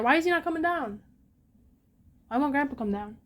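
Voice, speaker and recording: High-voiced, anxious young woman vlogging. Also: expressive, a little fast. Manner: anxious, repeating questions. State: scared. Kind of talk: live vlog during a storm. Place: home basement.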